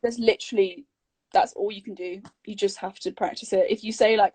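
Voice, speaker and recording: Young woman, husky voice, bubbly rambling livestream chat, self-mocking, phone mic. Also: medium pitch, a little fast, warm tone. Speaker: guest vocal coach. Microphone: phone on a video livestream.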